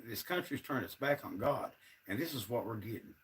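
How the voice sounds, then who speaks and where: A man's voice: medium pitch, animated, fairly quick, distant mic. A man, ranting to his viewers on a casual livestream, sounding frustrated and fed up. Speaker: livestream host.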